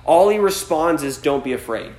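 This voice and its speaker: A man's voice: on the high side, lively intonation, normal speed, darkish tone. Casual preaching man in an echoey room. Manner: casual preaching, frequent "right?", acts out voices with laughs. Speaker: pastor. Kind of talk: sermon.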